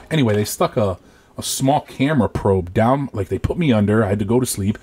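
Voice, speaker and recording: A man in his thirties from Rhode Island, co-hosting a podcast and telling a profane, animated story in casual chat. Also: on the low side, fairly quick, noisy background. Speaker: podcast co-host.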